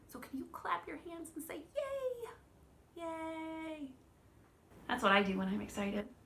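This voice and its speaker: A woman in her thirties giving a children's church lesson, gentle and expressive, asking the children questions. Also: on the high side, slight background noise.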